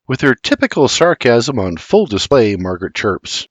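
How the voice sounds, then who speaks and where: An older man narrating an audiobook with expressive storytelling on a close studio mic. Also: mid-range voice, a little slow, hardly any pauses, husky, no room sound.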